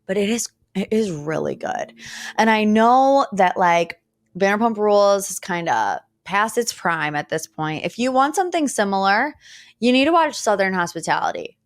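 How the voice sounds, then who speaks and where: A woman in her thirties hosts a casual solo podcast, telling stories with chatty, dramatic flair. Her voice sits at an everyday middle pitch. It is recorded close and dry, with no room sound. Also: dry recording. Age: 30s. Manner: chatty, dramatic, animated storytelling. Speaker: podcast host. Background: faint weed whacker outside.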